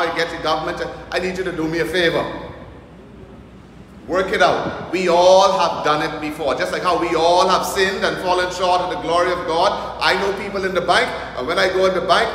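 In an echoey church hall with faint background noise, a Bahamian-accented priest delivers a sermon full of jokes and local slang. He speaks with a high-pitched, fairly bright tone.

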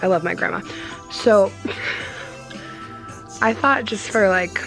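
Casting: mujer joven, tono de charla de vlog, burbujeante y risueña, con música de fondo. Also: female voice, mid-range voice, lively intonation, takes it slowly, gravelly, over music. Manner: bubbly, giggly, says "like" often. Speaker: vlogger. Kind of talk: casual vlog chat.

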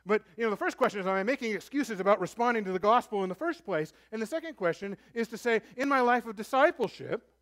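High-voiced earnest male pastor. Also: expressive, quick pace, few pauses. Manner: earnest, rises to emphatic then drops low and soft. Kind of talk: sermon. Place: church.

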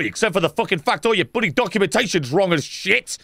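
A young man riffs sarcastically over a game, swinging from low grumbling mutters to sudden shouts. His voice sits a little high and jumps around a lot, with a gravelly edge. The recording is close and dry. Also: very animated, quick pace, no room sound. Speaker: gaming streamer. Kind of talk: playing a game with live commentary.

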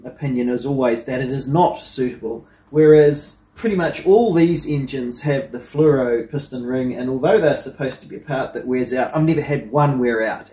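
Man, channel host, casual rambling vlog talk, mid pitch, echoey room. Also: a little mellow. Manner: rambling, with frequent ums and you-knows. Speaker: hobby engineering channel host.

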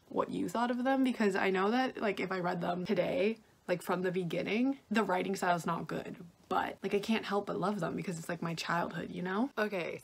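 A woman's voice: on the low side, creaky, slight background noise. A young woman vlogging casually about books she reads at home, chatty and self-mocking, with lots of "like". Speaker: book vlogger. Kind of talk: casual vlog chat. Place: indoors at home.

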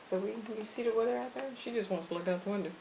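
A woman's voice: mid-range voice, fast, gravelly, warm tone. A woman chatting at home in a casual video, cooing at her pet iguanas in baby talk. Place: home living room. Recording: roomy home recording with hiss.

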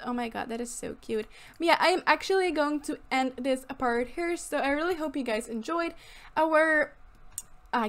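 A young woman giving casual, giggly commentary on her life-sim game, gushing over cute moments. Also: sits high. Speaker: gaming YouTuber. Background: fan noise.

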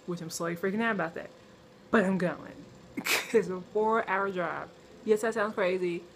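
A young woman, vlogging to her phone camera, gushing with excitement and exclamations. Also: fairly low pitch. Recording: noisy phone vlog.

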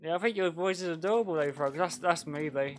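A man talks his way through a video game stream in a loose, chatty manner. His voice sits a bit high for a man, and he laughs easily and reacts loudly to surprises. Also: quick pace, a little hiss or hum. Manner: excitable, chatty, laughs often, mild slang. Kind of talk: casual game-stream commentary.

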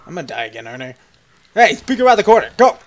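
A man's voice: very animated, rapid-fire. A young man giving casual, profane gameplay commentary, joking and laughing as he plays. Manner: jokey and profane, laughing often, yelping in high squeaks when startled. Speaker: let's play gamer.

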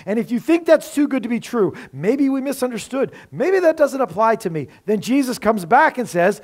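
A male pastor delivers a Sunday sermon with a notably high voice. He preaches conversationally, often asking his listeners rhetorical questions. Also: expressive, normal speed, hardly any pauses.

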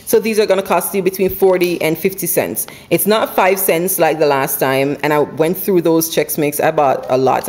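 A woman's voice: fairly low pitch, a little mellow, slight background noise. Chatty woman walking through a coupon haul. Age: adult with school-age kids. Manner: chatty, quick, runs numbers aloud, laughs often. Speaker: couponing vlogger. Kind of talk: casual haul video chat. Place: home, indoors.

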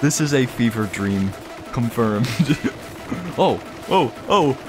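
A young man giving casual gameplay commentary, excitable and jokey, often laughing. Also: mid-range voice, slow, music in the background. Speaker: gaming YouTuber.

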